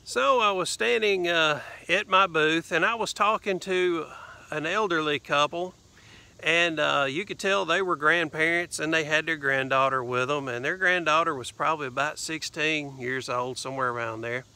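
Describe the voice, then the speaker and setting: Rambling Southern man with a gravelly voice. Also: on the high side, normal speed, sharp tone. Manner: rambling, lots of fillers and "anyway". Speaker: vlogger. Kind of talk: casual vlog storytelling.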